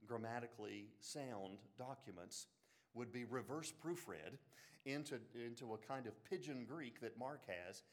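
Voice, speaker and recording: A man with an Alabama Southern accent giving a classroom lecture on the Bible, animated, with joking asides and frequent restarts. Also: medium pitch, measured pace. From Birmingham, Alabama.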